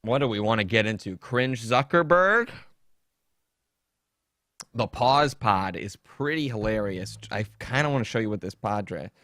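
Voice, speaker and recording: Podcast host, man, low voice, dry close sound, rambling and jokey. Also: normal speed, few pauses, fairly bright tone, no room sound. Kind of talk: casual rambling podcast chat. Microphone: desktop streaming setup.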